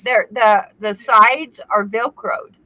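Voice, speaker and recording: Bright woman with dull lo-fi sound. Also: medium pitch, slow. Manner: rambling, exasperated explaining. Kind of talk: casual group chat.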